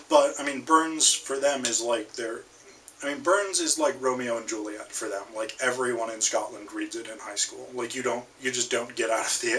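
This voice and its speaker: A man's voice: mid-range voice, sharp tone, far from the mic, a little hiss or hum, poor audio. An American man giving a casual recorded literature lecture, hesitant with many ums and restarts. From United States. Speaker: literature instructor.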